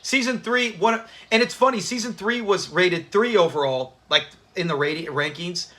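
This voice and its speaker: A high-pitched man hosts a relaxed livestream watch party. He talks loosely with his viewers and laughs often. His voice is bright and forward. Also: moderate pace. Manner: chatty, laughs often, talks to the live chat. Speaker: channel host.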